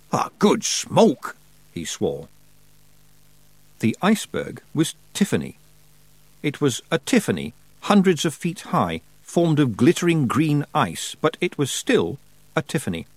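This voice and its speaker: A man narrating a fantasy audiobook with expressive storytelling. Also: mid-range voice, dry recording.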